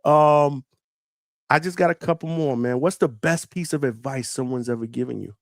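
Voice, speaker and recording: A man's voice: mid-range voice, no room sound. Upbeat male host, dry close sound. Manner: upbeat, laughs easily, quick affirmations. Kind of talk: live call-in show talk.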